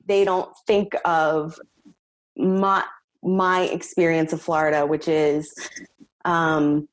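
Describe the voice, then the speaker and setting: A woman guest with a faint Long Island accent chats on a podcast over a remote call. Her voice sits a little low, and she talks with easy laughs and lots of restarts. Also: flat delivery, slow pace. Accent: faint Long Island New York. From Long Island, New York. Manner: chatty, laughing, trailing restarts. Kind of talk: casual chat.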